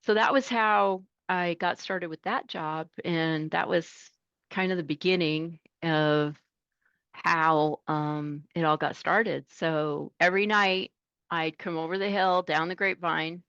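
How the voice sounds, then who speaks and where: A woman in her fifties, a truck driver, telling stories in a casual interview, animated and laughing as she acts out voices. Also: on the low side, takes it slowly, clean tone, dry recording, muffled recording.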